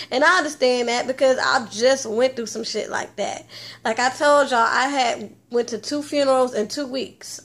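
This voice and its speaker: Chatty, blunt woman with a high voice. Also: a bit bright. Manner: chatty and blunt, with slang and swearing. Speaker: TV recap host. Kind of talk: casual reality TV recap.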